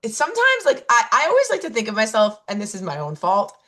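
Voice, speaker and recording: A woman's voice: fairly high pitch, wildly swooping pitch, fast, fairly bright tone. Woman, podcast co-host, casual chat, rambling storytelling, fillers and self-corrections, laughs at herself. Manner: laughs at herself while telling stories.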